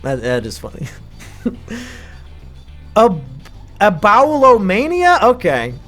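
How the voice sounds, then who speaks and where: A man live-streaming with crude, sarcastic commentary, now and then breaking into shouting rants. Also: high voice, wildly swooping pitch, takes it slowly, faint music behind. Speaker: streamer ranking mental illnesses.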